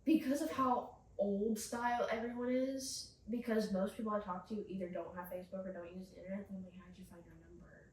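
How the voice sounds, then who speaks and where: A woman's voice: mid-range voice, fairly even intonation, fairly quick, hardly any pauses, darkish tone. A woman on staff at a tour business, earnestly explaining in casual chat. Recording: roomy, distant mic, faint noise.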